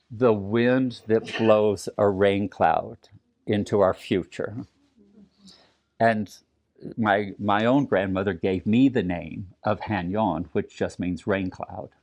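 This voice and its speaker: An older man from New Mexico shares his family's story in a low, unhurried voice. He speaks with earnest reflection and often pauses or starts a thought over. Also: a little mellow. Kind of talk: personal storytelling talk. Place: community event.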